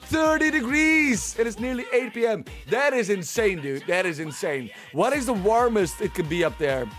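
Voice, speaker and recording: A man's voice: high voice, expressive, moderate pace, fairly bright tone, faint music behind. A man hosting a livestream, chatting casually and rambling, often repeating himself as he talks to his chat. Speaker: livestream host. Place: at home, streaming.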